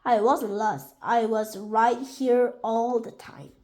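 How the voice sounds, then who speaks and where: A woman voicing a gentle, dreamy hermit crab in a storybook reading, with a soft, low, musing delivery. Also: steady tone, takes it slowly.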